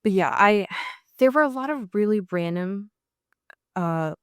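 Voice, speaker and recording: Woman podcast cohost, wry and chatty, smooth voice, dry close sound. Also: mid-range voice, expressive, a little slow, dry recording. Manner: chatty, wry, sighs and laughs while recapping. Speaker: podcast co-host. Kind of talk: casual chat.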